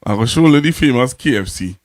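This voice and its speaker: Call-in host, male, Trinidadian accent, mid-pitched, teasing and repetitive, loose chatty delivery. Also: expressive, a little fast. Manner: mocking, teasing, repeats himself. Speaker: radio talk show host. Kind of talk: casual call-in talk show.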